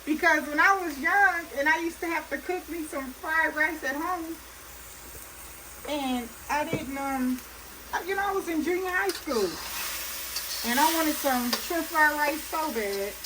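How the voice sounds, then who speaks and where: A fairly high-voiced woman chats and laughs her way through a home cooking demo. She sounds set back from the mic, and loud frying and sizzling runs under her voice. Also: unhurried, far from the mic, noisy background. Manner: chatty, folksy, talks while cooking, laughs often. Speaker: cooking channel host. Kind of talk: casual cooking demonstration. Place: home kitchen at a hot stove.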